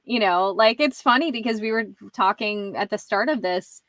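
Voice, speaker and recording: A woman's voice: mid-range voice, lively intonation, moderate pace, fairly bright tone, dry recording. A woman hosting a casual podcast interview. She is chatty and often laughs between phrases. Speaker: podcast host.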